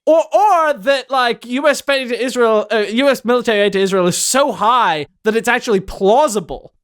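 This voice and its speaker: A man's voice: very high voice, brisk, a bit bright, smooth. A man as a guest in a comedic panel chat, explaining at length and chuckling.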